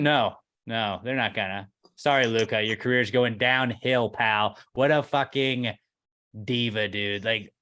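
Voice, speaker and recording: A lowish-pitched man co-hosting a podcast, with a bright, forceful edge to his voice. He talks casually and bluntly, and his rants come out full of profanity. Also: unhurried. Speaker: podcast co-host. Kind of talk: casual chat.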